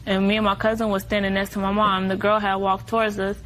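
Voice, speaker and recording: A woman's voice: medium pitch, little pitch movement, quick pace, a bit bright, low-quality recording. A young woman testifying as defendant, retelling events at length in a rambling way. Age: young adult. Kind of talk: courtroom testimony.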